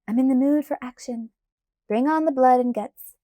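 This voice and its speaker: Woman doing a bright eager teen girl, mellow tone, dry close sound, audiobook. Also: sits high, normal speed, no room sound, voice pushed up, lightly acted. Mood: upbeat. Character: eager teenage girl, wry and guarded.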